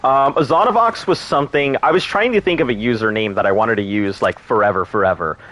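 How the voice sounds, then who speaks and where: A man's voice: medium pitch, lively intonation, a little fast, fairly bright tone. Rambling, crude-joking male streamer. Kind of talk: casual gameplay commentary.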